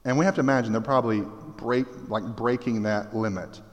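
A man delivering a sermon at a middle pitch, in an animated style full of jokey asides and acted-out voices. He speaks in a church sanctuary, and his voice carries a long reverb from the hall. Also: a little fast. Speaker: pastor.

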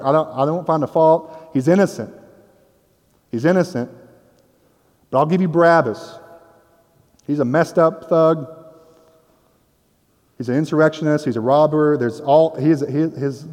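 A man's voice: mid-range voice, darkish tone, in a large hall. A man preaching a sermon in a conversational, self-deprecating way, acting out quoted voices. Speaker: pastor.

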